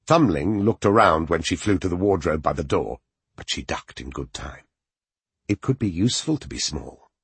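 A man narrating a fantasy audiobook with expressive storytelling. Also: low-pitched, breathy edge, no room sound.

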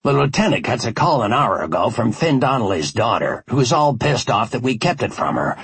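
A man's voice: medium pitch, sing-song, moderate pace, fairly bright tone, husky, no room sound, heavily acted. A man reading an audiobook, voicing an irritated, suspicious police detective who scolds and uses sarcasm. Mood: annoyed. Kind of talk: audiobook character voice.

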